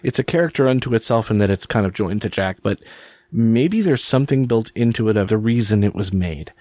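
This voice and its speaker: A middle-aged man chatting on a podcast, musing and animated, taking off on tangents. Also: lowish voice, fairly quick, no echo, clean studio sound. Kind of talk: casual chat.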